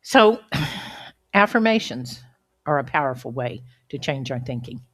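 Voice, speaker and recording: A woman giving an inspirational sermon as a guest speaker, telling a story in an earnest, measured way with emphatic pauses. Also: very deep voice, big pitch swings, fairly bright tone, breathy edge, no room sound. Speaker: guest speaker at a spiritual center.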